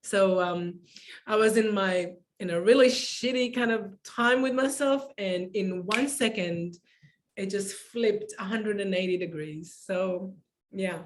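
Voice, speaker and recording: A woman's voice: mid-range voice, measured pace, slight background noise. A woman interview guest who tells personal stories in a casual, emotional way and often laughs as she talks.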